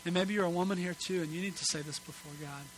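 A man in his thirties or forties preaching a sermon in a church, emphatic at times and softly pleading at others. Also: sits high, steady tone, quick pace, a little hiss or hum, low-quality recording. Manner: earnest, emphatic preaching that drops to soft pleading. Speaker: pastor. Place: church sanctuary.

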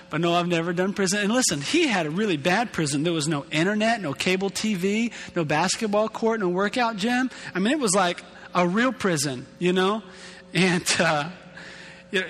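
A man's voice: sits high, a bit bright. A man in his thirties preaching a sermon as a pastor, casual and self-deprecating, often repeating and restarting his words. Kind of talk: conversational sermon. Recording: long hall reverb with faint hum.

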